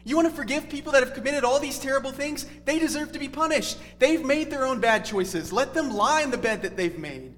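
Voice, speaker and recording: A man's voice: very high voice, animated, a little fast, few pauses, a bit bright, voice pushed up. A man voicing the prophet Jonah as an indignant, self-righteous man firing off exasperated rhetorical questions. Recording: reverberant hall with faint music.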